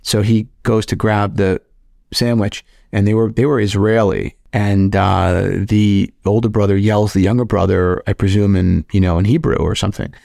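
A young man co-hosting a podcast, telling animated stories in casual, profane chat. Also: lowish voice, normal speed, vocal fry, no room sound, studio quality. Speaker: podcast co-host.

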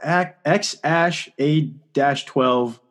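A man's voice: a little high, extremely slow. A young man hosting a casual podcast chat, rambling with lots of fillers and frequent laughs. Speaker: podcast host.

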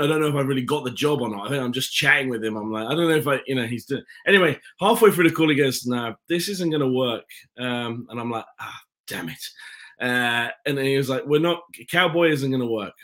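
Fast-talking English man, rambling. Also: medium pitch, expressive, a bit bright. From England. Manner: rambling, self-interrupting anecdotes. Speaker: actor. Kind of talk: casual interview chat.

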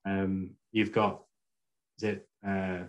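A man with a fairly low voice tells a story as a podcast guest. He rambles casually, leans on fillers and restarts his sentences as he goes. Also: level tone, slow. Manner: rambling, with many "like" and "you know" fillers.

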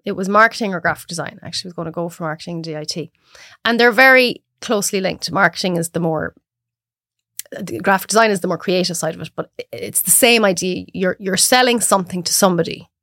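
An Irish woman chatting as a podcast guest, telling lively stories and acting out her own reactions. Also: fairly low pitch, fast, no room sound, clean studio sound. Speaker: guest cook. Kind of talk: casual chat.

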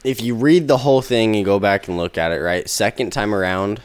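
Animated man telling work stories. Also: fairly quick, clear, resonant tone. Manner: animated storyteller, jumps into high comic voices when quoting. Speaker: podcast co-host. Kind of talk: casual chat.

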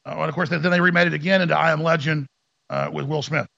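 A man's voice: fairly high pitch, steady tone, fast, gravelly, pushed and bright, no room sound, lo-fi sound. A man hosting a talk radio show, ranting sarcastically and mimicking opponents in mocking voices.

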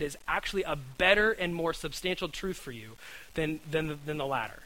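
A man's voice: fairly high pitch, brisk, sharp tone, poor audio. A man preaching a conversational sermon, earnest, often repeating words and asking his listeners "right?".

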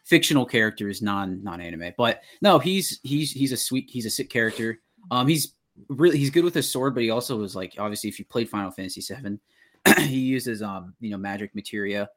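Fast-talking young man on a podcast. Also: lowish voice, animated, a bit bright. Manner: fast, halting, repeats words. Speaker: podcast co-host. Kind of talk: casual chat.

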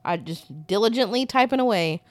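A woman's voice: medium pitch, expressive, normal speed, dry recording. Blunt woman making joking asides. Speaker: podcast co-host. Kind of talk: casual chat.

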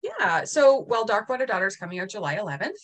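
A woman's voice: mid-range voice, sing-song, fast talker. A woman author as an interview guest, chatting casually and enthusiastically, with lots of "like" and "um". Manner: enthusiastic, many "like" and "um" fillers.

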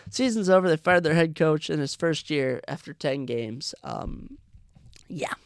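Gravelly man thinking aloud on a podcast. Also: fairly high pitch, lively intonation, a little slow, no room sound. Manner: thinks aloud, restarts and corrects himself. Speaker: podcast host. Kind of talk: casual solo sports podcast picks.

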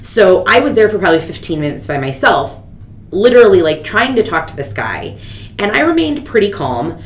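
A woman in her thirties hosting a podcast, telling a story in casual chat and acting out the people she quotes. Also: moderate pace. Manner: animated, quotes people with big pitch jumps. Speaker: podcast host. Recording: echoey room with faint rumble.

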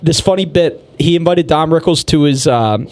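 A man's voice: fairly high pitch, moderate pace, darkish tone. A man hosting a casual podcast chat, telling long rambling stories and laughing often.

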